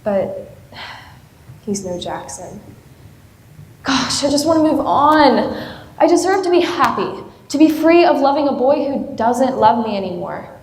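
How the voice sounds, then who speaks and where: Girl acting a moony bride-to-be talking to herself, highish voice, far off in an echoey hall. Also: sing-song, a little slow, long pauses, heavily acted. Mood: wistful. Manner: wistful and self-mocking. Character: lovelorn young woman, bride-to-be, wistful. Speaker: student actor. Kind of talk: stage play monologue.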